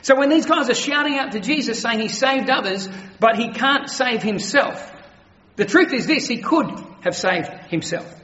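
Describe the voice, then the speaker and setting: Brief: man, high-pitched pastor, earnest emphatic sermon, roomy dull hall sound. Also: pushed and bright. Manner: earnest, emphatic preaching with slowed stresses.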